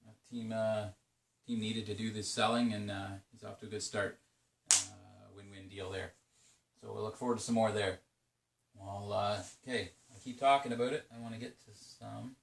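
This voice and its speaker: A man's voice: fairly low pitch, flat delivery, normal speed, creaky, echoey room, far from the mic. A man talking through his league's trade-deadline day in a rambling, casual solo commentary, full of fillers and restarts. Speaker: video game league commentator.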